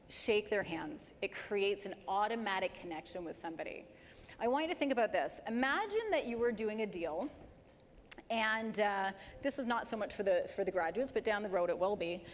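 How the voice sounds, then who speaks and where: A woman giving a live career presentation to an audience, lively and emphatic, speeding up and slowing down to demonstrate points. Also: mid-range voice. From Canada. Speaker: presenter at a dental career talk. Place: large hall with an audience. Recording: hall reverb, faint background noise.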